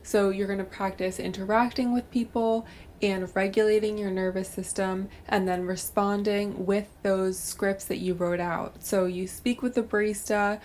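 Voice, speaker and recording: A young adult woman talking straight to camera, giving brisk step-by-step coaching advice on self-help. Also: medium pitch, fairly even intonation, a little mellow, a little hiss or hum. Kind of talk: direct-to-camera advice monologue.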